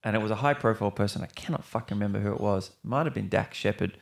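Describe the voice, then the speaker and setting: A man's voice: fairly low pitch, very fast, gravelly. A young man, an actor, talking casually and rambling as a podcast guest. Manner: rambling, with many restarts and mild swearing. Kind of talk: casual interview chat.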